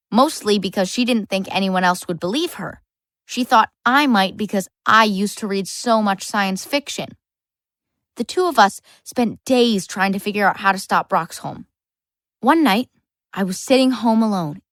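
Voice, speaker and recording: A woman's voice: mid-range voice, fairly bright tone, no room sound, clean studio sound, lightly acted. A woman narrating a full-cast audiobook as a lonely, bookish boy, earnest with wry asides. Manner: earnest first-person storytelling, wry asides.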